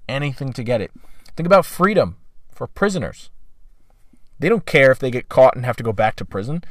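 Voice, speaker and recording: Dog trainer guy giving an emphatic talk, repeats himself a lot, dry close sound, middle pitch. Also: lively intonation, brisk, no room sound. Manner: emphatic, repeats key phrases, acts out quoted voices.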